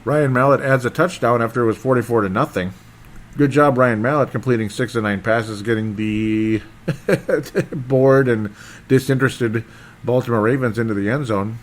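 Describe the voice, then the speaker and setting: A man of average pitch talks through the week's football scores on his podcast. His recap is loose and excitable, and he wanders off topic and stumbles over names as he goes. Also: moderate pace. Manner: rambling, excitable, loses his train of thought. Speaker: sports podcast host.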